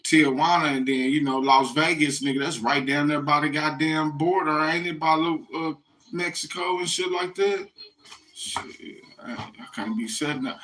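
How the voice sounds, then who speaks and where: A man's voice: a little high, moderate pace, a bit bright. Profane man rambling in street slang. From United States. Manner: profane, slangy street talk, addressing listeners directly. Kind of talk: rambling casual monologue.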